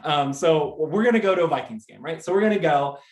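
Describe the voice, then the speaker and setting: An American man hosting a motivational live talk, energetic and animated, acting out little scenes as he speaks. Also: a little high, brisk, roomy sound, slight background noise. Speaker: host.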